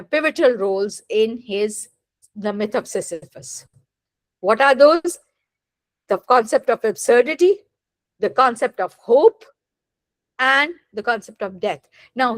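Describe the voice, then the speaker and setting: With no room sound around her, a woman with a fairly high pitch lectures her class on literature. She is deliberate and keeps checking understanding with rhetorical questions about whether the students are following.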